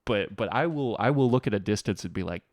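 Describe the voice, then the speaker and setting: An excitable man commenting on a clip, rambling and restarting his thoughts, his pitch swinging widely. The sound is dry and close. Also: quick pace, dry recording. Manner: excitable, rambling, self-interrupting. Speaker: reaction host. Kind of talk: reaction commentary.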